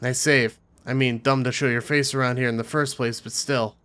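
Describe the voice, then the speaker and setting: Man voicing a gravelly male vampire informant, blunt, sarcastic, game character, mid-pitched voice. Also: steady tone, normal speed, fairly bright tone, close to an everyday voice. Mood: gruff.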